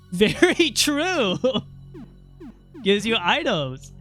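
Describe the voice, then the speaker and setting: High, bright-voiced excitable male streamer. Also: drawn-out words, soft background music. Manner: excitable, swears, reads game text aloud. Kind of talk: casual gameplay commentary.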